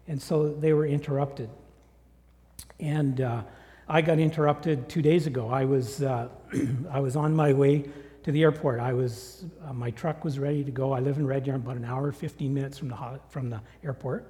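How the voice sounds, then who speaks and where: A man preaching a sermon, telling a personal story in a conversational, animated way. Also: mid-range voice, moderate pace. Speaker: guest preacher. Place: church sanctuary. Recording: long hall reverb.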